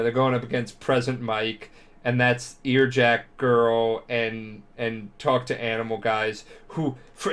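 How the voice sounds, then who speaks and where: A man's voice: mid-range voice, a bit bright. Drunk man rambling a profane recap. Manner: profane, rambling, acts out characters in silly voices. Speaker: podcast host. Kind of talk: drunk comedic recap with voices.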